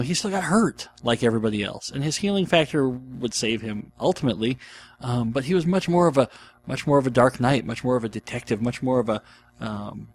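Chatty middle-aged man hosting a podcast. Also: mid-range voice. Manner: rambling, jokey and animated. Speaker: podcast host. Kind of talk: casual chat answering listener questions.

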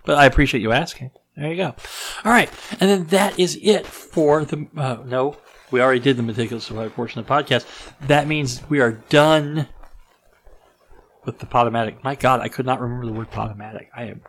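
A man's voice: mid-range voice, a little fast, fairly bright tone, slight background noise, low-quality recording. Congested, rambling male podcast host. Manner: rambling, self-deprecating, frequent restarts and fillers. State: stuffed-up nose, congested. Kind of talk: casual rambling podcast chat.

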